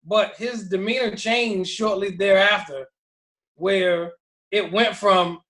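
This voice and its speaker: A man's voice: sits high, slow pace. A man co-hosting a podcast in casual chat, telling stories and acting out what others said. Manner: animated storyteller acting out quoted voices. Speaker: podcast co-host.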